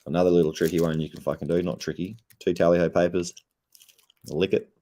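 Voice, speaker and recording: A stoned young Australian man with a very deep, dark and mellow voice. He talks in a loose, laid-back ramble, swearing constantly as he chats to his livestream. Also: little pitch movement, quick pace. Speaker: streamer. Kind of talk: casual livestream chat.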